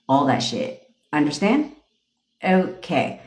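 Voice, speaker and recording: A woman's voice: mid-range voice, lively intonation, normal speed, a bit bright. A woman manifestation coach on a livestream, talking bluntly and with a lot of profanity. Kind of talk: livestream pep talk. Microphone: phone. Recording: echoey room.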